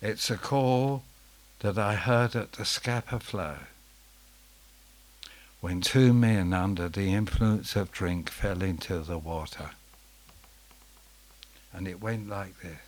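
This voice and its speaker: A man preaching a sermon as dramatic storytelling, dropping to a hush and then rising to loud outbursts. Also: low-pitched, slow pace, pauses often.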